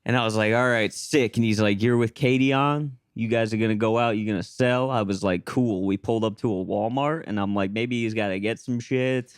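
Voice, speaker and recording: A young man with a low voice tells a rambling story on a podcast, slipping into the voices of the people he describes. The sound is dry and close, with no room around it. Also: a little fast, few pauses, clean tone, no echo. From small-town American. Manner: animated storyteller acting out quoted voices. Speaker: podcast host. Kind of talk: casual storytelling.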